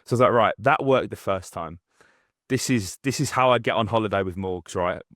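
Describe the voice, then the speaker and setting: A young man rambles through a story with lots of restarts and fillers. His voice sits fairly low. The recording is dry and close, with no room sound. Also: brisk, a bit bright, no room sound. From English Midlands. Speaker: podcast co-host. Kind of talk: casual chat.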